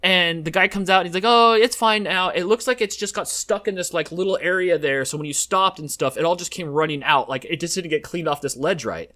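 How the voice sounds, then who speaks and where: A man's voice: fairly high pitch, brisk, few pauses, pushed and bright. A man co-hosting a podcast, telling a long rambling story in casual chat and acting out the quotes. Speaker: podcast co-host.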